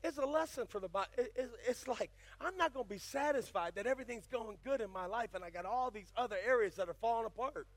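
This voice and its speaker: An older male pastor preaching, moving from folksy storytelling into fiery, shouted exhortation. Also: very high-pitched, lively intonation, fast talker, few pauses, no room sound. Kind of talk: sermon.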